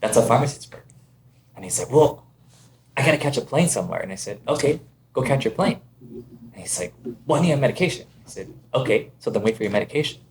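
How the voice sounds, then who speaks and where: Man from Ontario, podcast guest, lively, animated storyteller with swooping pitch; faint noise behind. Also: fast. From Ontario, Canada. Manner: animated, acts out quoted voices. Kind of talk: casual storytelling.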